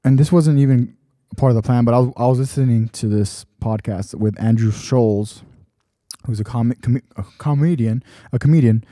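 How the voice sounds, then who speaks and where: Mellow low-voiced man hosting a podcast. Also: no echo, clean studio sound. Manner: rambling, self-correcting. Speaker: podcast host. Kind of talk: casual solo podcast talk.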